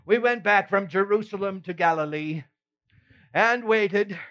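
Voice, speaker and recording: A man's voice: high-pitched, measured pace, fairly bright tone, muffled recording. A man playing the apostle Peter, a middle-aged fisherman, telling his story in a folksy first-person monologue with frequent chuckles. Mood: animated.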